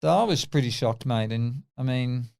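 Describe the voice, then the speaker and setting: A man in his fifties with an Australian accent, a former test cricketer telling animated stories in an interview and acting out the dialogue. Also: medium pitch, moderate pace, creaky. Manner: animated anecdotes, acts out quoted dialogue. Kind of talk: casual interview storytelling.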